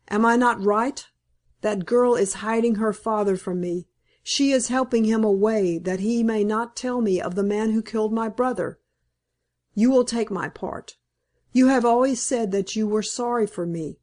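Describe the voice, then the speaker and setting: A woman's voice: a little high, darkish tone, lightly acted. A woman reading the part of a distraught young woman in a storybook, pleading doggedly and insistently.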